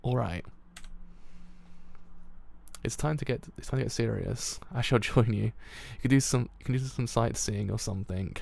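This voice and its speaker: Smug flirty sea creature, flowery talk, gravelly low voice read by a man. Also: moderate pace, long pauses, darkish tone. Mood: pompous. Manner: flowery, teasing speech.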